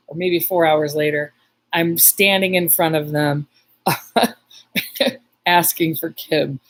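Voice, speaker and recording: Chatty husky woman telling a story. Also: lowish voice, rough recording. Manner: rambling with many restarts, chatty; reads viewer comments aloud. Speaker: psychic medium. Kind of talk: casual live-stream storytelling.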